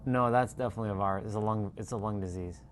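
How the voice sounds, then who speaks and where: Low-voiced man rambling casually. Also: racing, slight background noise. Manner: rambling and profane, laughs often. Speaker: livestream host. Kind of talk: casual chat.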